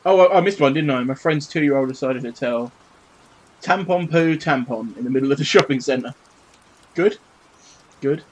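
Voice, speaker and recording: With a medium-pitched, slightly mellow voice and a fairly quick pace, this British livestreamer in his thirties paints models at his desk at home, trading cheeky talk and playful swearing. The recording is low quality.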